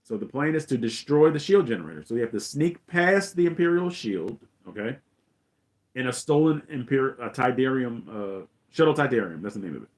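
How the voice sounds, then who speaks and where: A middle-aged man hosting a casual film recap, excitedly retelling scenes in a rambling way with many fillers. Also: mid-range voice, fairly quick. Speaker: host.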